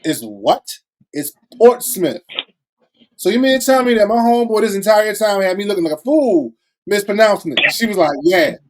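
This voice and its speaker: A man with a Baltimore accent co-hosting a podcast, telling stories in an animated, teasing way. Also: high-pitched, fast talker. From Baltimore, USA. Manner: animated storyteller, teasing and laughing. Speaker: podcast co-host. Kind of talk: casual podcast chat.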